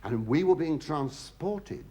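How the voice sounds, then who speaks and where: A man's voice: a little high, lively intonation, slow. A middle-aged English man doing a camp, gossipy comic monologue, full of stammering restarts and cries of "oh, yes". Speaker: comedian. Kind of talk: stand-up comic monologue to a studio audience. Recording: live studio audience laughter, loud noise.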